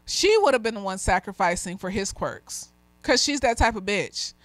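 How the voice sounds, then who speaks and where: A woman's voice: medium pitch, expressive, normal speed, dry recording. A woman who is a therapist, slightly tipsy, talking bluntly and with lots of swearing in a casual video review, swinging between ranting and gushing.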